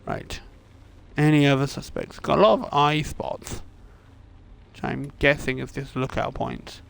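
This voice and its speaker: A man's voice: mid-range voice, fairly even intonation, unhurried, gravelly, fairly bright tone. A man streaming a game, reading its narration aloud and making wry, casual remarks.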